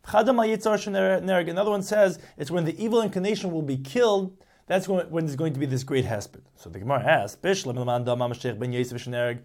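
Man, Talmud lecture, reads then explains, repeats himself, voice a bit high. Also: quick pace, a little mellow. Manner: reads Aramaic aloud, then explains in English with repeats and restarts. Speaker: Talmud teacher. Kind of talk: Talmud class lecture, translating line by line.

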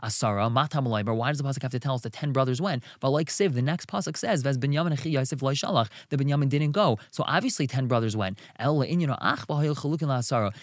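A man's voice: fairly high pitch, no room sound, studio quality. A man teaching a text verse by verse, reading short Hebrew phrases and translating each one into English as he goes. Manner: reads Hebrew phrases then translates them briskly. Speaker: Torah teacher.

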